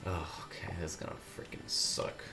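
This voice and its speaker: Over some background noise, a man speaks at normal speed as he streams a game. His casual gaming chat is relaxed and full of jokes, and he mutters to himself while playing.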